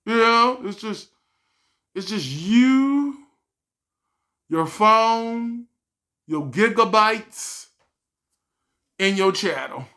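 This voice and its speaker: An adult vlogger talks through a stressful storytime in a bright, forward voice. The talk rambles and restarts, with sighs, laughs and quick acted-out quotes of other people. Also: medium pitch, expressive. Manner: sighs and laughs while talking. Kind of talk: storytime vlog.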